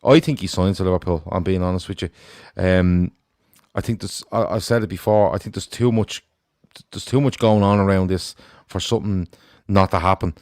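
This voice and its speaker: Blunt man, low voice. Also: fairly even intonation, moderate pace, a little mellow, no room sound, clean studio sound. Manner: blunt, opinionated, swears. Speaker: podcast co-host. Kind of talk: casual podcast chat.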